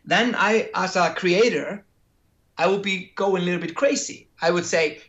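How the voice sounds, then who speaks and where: A man's voice: sits high, moderate pace, fairly bright tone. A man in an interview, explaining his ideas with anecdotes, acting out imagined dialogues and often repeating words as he goes. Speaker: interviewee, creator and entrepreneur. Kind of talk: casual interview storytelling. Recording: dull lo-fi audio.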